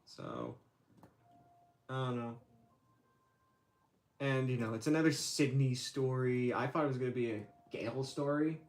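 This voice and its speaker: A man talks on his own livestream in a loose, rambling way, often stopping to search for words with fillers. He speaks slowly and takes his time. His voice sits at an ordinary middle pitch. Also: sing-song. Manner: rambling, hesitant, many fillers. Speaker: channel host. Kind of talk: casual livestream chat.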